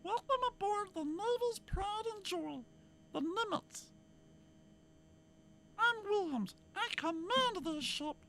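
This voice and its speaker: Squeaky-voiced navy captain. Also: male voice, animated, takes it slowly, pauses often, pushed and bright, a little hiss or hum, exaggerated voice. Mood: commanding. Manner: very high squeaky put-on voice. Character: high-voiced male navy ship captain, brisk.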